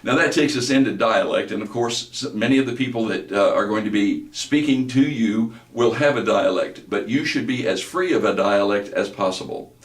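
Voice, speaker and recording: Lower-voiced man lecturing in an echoey room. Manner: deliberate, demonstrates words slowly and precisely. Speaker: speech instructor. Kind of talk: recorded lecture. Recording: echoey room, mic at a distance.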